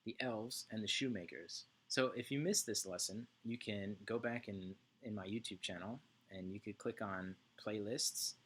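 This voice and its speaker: A man's voice: on the low side, a bit bright, slight background noise. A male music teacher giving an online lesson to young children, chanting rhythm syllables and checking in often with "right?".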